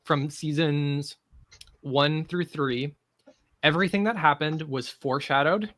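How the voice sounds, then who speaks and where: A man guest hosting a casual group chat, opinionated and animated, talking in quick asides. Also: fairly high pitch, no echo. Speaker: guest host.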